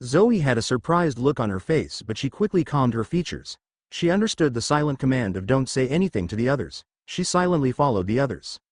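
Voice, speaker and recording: A man narrates a fan fiction story with expressive, animated pitch. His voice sits at an ordinary middle pitch for a man. The recording is dry and close, with no room echo. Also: fairly quick.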